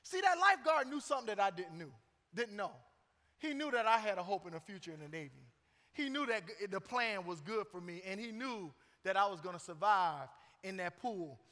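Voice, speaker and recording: A man's voice: sits high, lively intonation, a little fast, bright, forceful tone. A middle-aged man preaching a sermon as pastor, joking and conversational between emphatic points. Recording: long church reverb.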